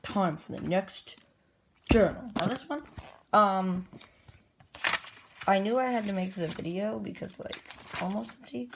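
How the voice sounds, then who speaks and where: Excitable gravelly-voiced woman telling a story. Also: medium pitch, unhurried, noisy background. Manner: excitable, jumps into brief character voices. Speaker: creator retelling own comic journal. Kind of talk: rambling casual storytelling.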